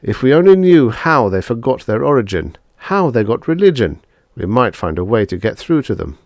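A man voicing a calm, thoughtful older spaceman who muses aloud. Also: medium pitch, moderate pace, no echo, voice pushed up. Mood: musing. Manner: calm, musing.

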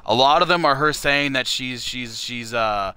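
A man from Canada who rambles through a casual livestream, swearing and cracking jokes. His voice is bright and smooth at a mid pitch, and he keeps the chatter loose and offhand. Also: normal speed, no echo. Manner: crude, joking, rambling. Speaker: livestream fundraiser host.

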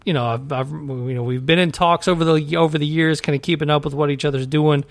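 A man's voice: a little high, steady tone, fast, no echo. A man co-hosting a podcast in laid-back casual chat, often saying "man.". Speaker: podcast co-host and editor.

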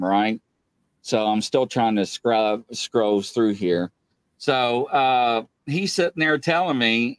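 A middle-aged man tells a story in a loose, rambling way, filling the pauses with "uh" and acting out each quoted line with a sharp leap up in pitch. His voice sits at an ordinary male pitch and sounds dry, with no room echo. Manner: animated, jumps up in pitch when acting out quoted speech; loose and rambling with many filler "uh"s. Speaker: guest, police captain. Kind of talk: casual storytelling.

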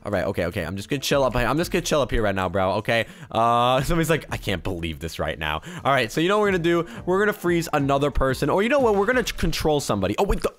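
A young man giving excited gameplay commentary, quick to yell and laugh, with loudness that swings fast. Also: mid-range voice. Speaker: gaming YouTuber.

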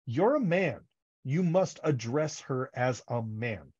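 A man co-hosting a casual fan podcast, animated and laughing, acting out characters' lines as he retells scenes. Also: mid-range voice, slow pace, breathy edge. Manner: animated, acts out quotes, laughs often. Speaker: podcast co-host. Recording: dull lo-fi audio.

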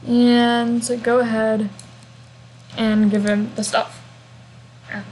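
A young woman talks through a game walkthrough in a loose, rambling way, tossing in hums and asides. Her voice sits a bit high. Faint background hiss sits under the recording. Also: little pitch movement, extremely slow, long pauses, darkish tone, low-quality recording. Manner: chatty and rambling, with humming fillers. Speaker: gameplay walkthrough narrator. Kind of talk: casual game walkthrough narration.

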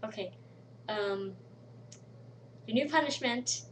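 A woman chatting casually to her webcam at home late at night, rambling with lots of "um"s and dropping into soft murmured asides. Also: a little high, slow pace, noisy background. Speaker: vlogger in a collab channel. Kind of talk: casual chat to camera.

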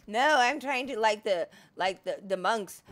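A woman's voice: fairly high pitch, lively intonation, slow pace. A woman giving casual, chatty gameplay commentary, talking to the on-screen character and swearing freely. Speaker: gaming streamer.

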